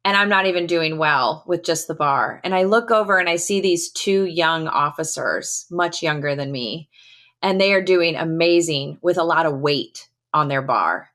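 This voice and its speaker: A middle-aged woman from the United States with a fairly low voice tells a personal story as a podcast guest. She speaks candidly and emphatically, with casual fillers. She leans into key phrases. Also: normal speed, a bit bright. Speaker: podcast guest, retired Air Force colonel.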